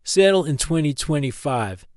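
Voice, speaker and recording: A man's voice: on the high side, animated, normal speed, darkish tone, no room sound, clean studio sound, lightly acted. A man voicing a cheerful, brainy young woman physicist from the future, who talks in a chatty, polite and apologetic way.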